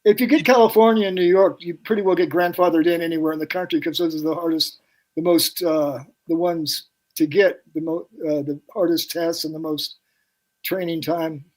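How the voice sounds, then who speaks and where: A man's voice: a little high, steady tone, normal speed, darkish tone. An older man telling anecdotes on a podcast as a guest, rambling and acting out the people in his stories. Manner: rambling anecdotes, puts on voices for quoted people. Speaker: podcast guest, pyrotechnic technician. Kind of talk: casual storytelling.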